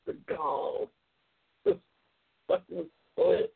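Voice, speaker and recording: A man hosting a loose call-in talk show, excitable and profane, yelling and laughing at his callers. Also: sits high, moderate pace, breathy edge. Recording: tinny phone-like audio.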